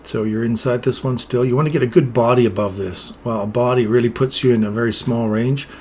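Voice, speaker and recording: A man's voice: medium pitch, steady tone, a little fast, darkish tone, a little hiss or hum. Casual man talking through live trades. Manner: casual, chatty, explains while greeting chat viewers. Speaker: trading streamer. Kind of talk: live trading commentary.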